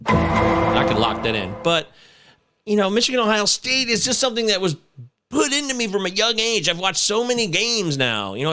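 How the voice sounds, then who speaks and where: A man in his thirties hosting a casual sports podcast, animated and swearing, breaking into shouts and chants. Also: on the high side. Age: 30s. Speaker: podcast host.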